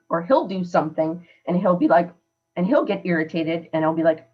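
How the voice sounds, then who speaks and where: A woman's voice: on the low side, a little fast, muffled recording, soft background music. A woman hosting a podcast, giving earnest, emphatic advice in a conversational way. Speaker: podcast host. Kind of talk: casual coaching talk.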